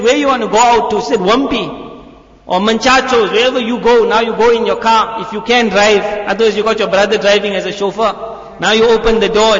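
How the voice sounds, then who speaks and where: High-voiced man preaching in an echoey hall. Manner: animated storytelling, acting out voices in quick asides. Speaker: molana giving a youth talk. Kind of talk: sermon. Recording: echoey hall, dull lo-fi audio.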